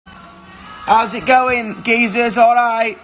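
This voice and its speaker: A young man chatting casually on a phone livestream from his kitchen, excitable, swearing a lot and shouting to his friends. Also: very high-pitched, drawn-out words, faint music behind, rough recording. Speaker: musician hosting a livestream. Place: kitchen at home. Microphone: phone camera.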